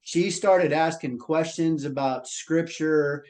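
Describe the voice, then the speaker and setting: A man reflecting on a mission trip in a casual interview, halting and full of fillers. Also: on the high side, darkish tone. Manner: halting, many fillers and restarts.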